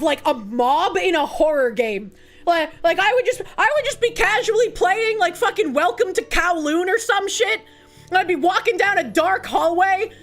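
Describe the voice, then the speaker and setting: A woman's voice: extremely high pitch, fairly bright tone. Tired, angry profane young woman streamer. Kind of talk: casual livestream commentary.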